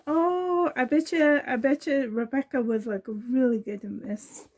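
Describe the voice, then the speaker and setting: Woman, vlogger, casual unboxing chat, shaky emotional voice, gushing, high pitch. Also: fairly even intonation, a little slow, a little mellow. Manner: gushing, tearful gratitude. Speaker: doll-collecting vlogger.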